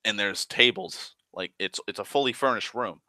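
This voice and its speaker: A man tells a story from a tabletop game in a loose, rambling way, swearing often and stumbling through restarts. His voice sits low and sounds bright and forceful. The recording is dry and close. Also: normal speed, dry recording. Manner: rambling, profane, heavy on "like" fillers and restarts. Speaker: tabletop game player recounting a session. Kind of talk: casual spoken storytelling.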